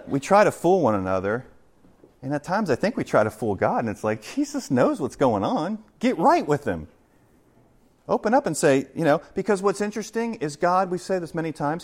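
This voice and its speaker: A middle-aged man preaching a conversational verse-by-verse sermon, animated, with joking asides and acted-out quotes. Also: a little high. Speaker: pastor.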